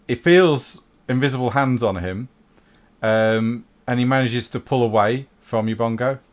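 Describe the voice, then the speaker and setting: A man running a tabletop role-playing game, calmly making rulings and correcting himself. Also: medium pitch, unhurried. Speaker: game master.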